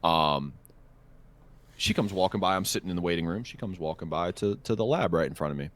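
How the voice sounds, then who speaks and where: A man's voice: deep voice, brisk. A young man co-hosting a podcast, telling a crude, profane story in a rambling way with stammers and restarts. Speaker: podcast co-host. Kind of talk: casual storytelling chat.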